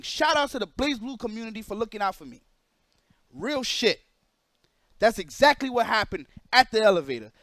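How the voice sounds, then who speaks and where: A high-pitched man rants a story to his stream chat, repeating himself for emphasis and slipping into other people's voices. The sound is dry and close, with no room around it. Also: very animated, moderate pace, pauses often, fairly bright tone, no room sound.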